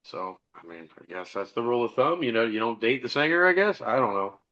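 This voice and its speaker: A man's voice: medium pitch, animated, brisk, dull audio. A middle-aged man telling a rambling, profane story about his band and acting out the dialogue in a casual podcast interview. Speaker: podcast guest, musician.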